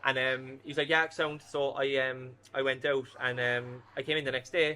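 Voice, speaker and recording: A man, a former footballer telling animated stories in a casual interview and swearing freely. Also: medium pitch, normal speed.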